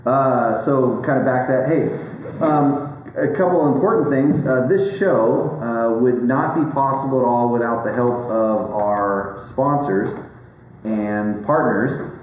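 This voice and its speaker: A man's voice: mid-range voice, slow, darkish tone. A man hosting a casual chat, rambling and joking with lots of fillers and restarts. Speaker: host. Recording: very echoey room, faint background noise.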